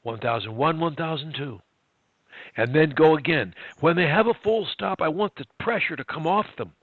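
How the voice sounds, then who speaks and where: A man's voice: a little high, lively intonation, moderate pace, dry recording. A man coaching a client one-on-one over a video call, emphatic and instructive, repeating his key phrases. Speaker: stuttering coach. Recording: tinny online call, dry.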